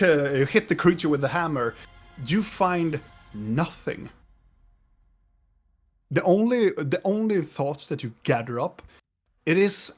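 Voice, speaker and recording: A man running a tabletop game as game master, describing scenes unhurriedly and laughing often. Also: fairly high pitch.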